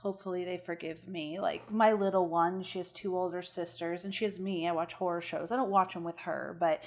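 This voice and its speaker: Woman podcast co-host, lower voice, casual and laughing, curses freely. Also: fairly even intonation, a little fast. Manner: chatty, laughs often, swears for emphasis. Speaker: mother. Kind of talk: casual chat.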